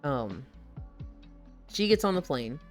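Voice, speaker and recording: A man streaming live and chatting casually, telling stories in a profane, animated way and acting out the voices he quotes. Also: medium pitch, takes it slowly, faint music behind.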